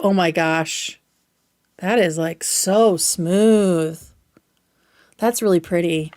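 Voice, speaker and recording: A young woman hosting a livestream, chatting casually and excitedly while reviewing makeup, swearing now and then. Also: fairly low pitch, very slow, long pauses, no echo, clean studio sound. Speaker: livestream host.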